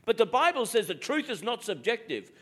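A man's voice: extremely high pitch, sing-song, a little fast, sharp tone. A middle-aged Australian man preaching a sermon as pastor, in a plain-spoken, direct way.

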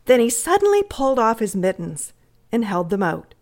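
A woman from Canada reading a classic short story aloud, measured and expressive. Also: fairly high pitch. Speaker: reader.

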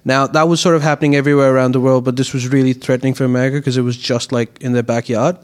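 A man's voice: medium pitch, level tone, rapid-fire. A man on a comedy podcast, explaining things at length in casual chat with frequent restarts and fillers. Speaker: podcast co-host.

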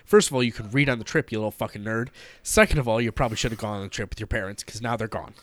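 A man's voice: lowish voice, rapid-fire, fairly bright tone, no room sound. Guy podcaster, dry mic, trips over his words a lot, blunt and jokey. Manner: stumbles and repeats words, laughs often, blunt jokes. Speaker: podcast co-host. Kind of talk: casual chat.

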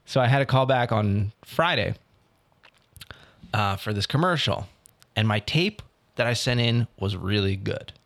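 A man's voice: on the low side, lively intonation, unhurried, vocal fry, long pauses, a bit bright. A young man in casual chat, animatedly telling an audition story and quoting others. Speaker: actor telling about auditions.

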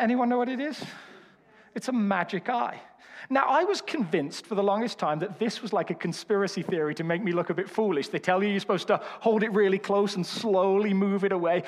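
A man from Birmingham with a Birmingham accent, preaching a sermon with humorous, self-deprecating storytelling. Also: high voice. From Birmingham, England. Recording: reverberant hall.

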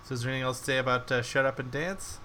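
A man's voice: mid-range voice, steady tone, racing, sharp tone, slight background noise. A man co-hosting a casual review podcast, rambling with lots of "like"s and laughing often. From United States. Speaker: podcast co-host.

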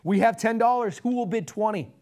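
A man's voice: high-pitched, fairly quick, pitched above the performer's own voice. A man voicing an insistent male auctioneer who keeps calling for bids in a raised, pressing voice. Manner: loud, pressing.

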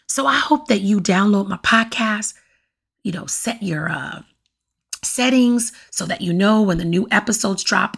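A middle-aged woman hosting her own podcast, talking to listeners in a lively, preachy way and calling out to them often, with a voice that turns raspy at times. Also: medium pitch. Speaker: podcast host. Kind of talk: casual solo podcast monologue. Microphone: USB condenser mic.

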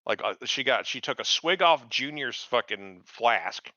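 A man's voice: mid-range voice, expressive, measured pace, sharp tone, no room sound. A man co-hosting a podcast, swearing freely as he rants about a TV show and mocks its characters. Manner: profane, ranting, mocks characters in put-on voices. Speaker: podcast co-host. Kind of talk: casual chat, crude TV recap. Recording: dull lo-fi sound.

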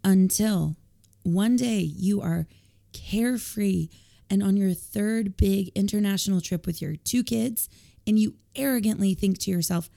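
A woman co-hosting a casual podcast, her voice croaky from a cold, with a wry, self-deprecating way of talking. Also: mid-range voice, a little slow, mellow. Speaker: podcast co-host. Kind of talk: casual chat.

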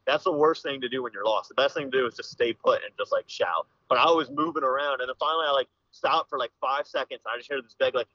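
Speaking fast in a mid-range, bright, forceful voice, this young hunter from Pennsylvania is a podcast guest casually telling a story. He rambles, leaning heavily on "dude" and "like." The sound is dull and dry with no echo, on slightly dull, lo-fi podcast audio.

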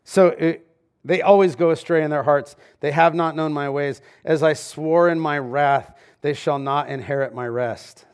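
Man preaching with a higher voice. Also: steady tone, measured pace, smooth. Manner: conversational preaching with sudden shifts between loud emphasis and quiet asides. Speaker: pastor. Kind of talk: sermon. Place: church sanctuary.

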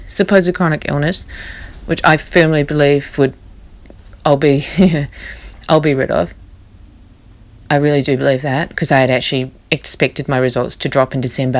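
Woman, low voice, tired, candid and rambling, personal vlog. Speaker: vlogger.

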